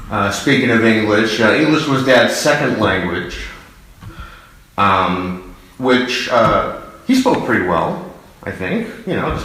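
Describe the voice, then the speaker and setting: A middle-aged man fondly remembering his late father, halting, with many fillers and restarts. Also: lowish voice, sharp tone, slight background noise. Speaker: son giving a eulogy. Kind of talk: personal reminiscence. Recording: very echoey hall.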